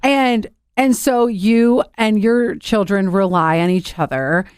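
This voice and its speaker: A woman's voice: medium pitch, takes it slowly, darkish tone, smooth, no room sound, clean studio sound. A woman co-hosting a podcast in casual chat, supportive and affirming, with some teasing. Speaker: podcast co-host.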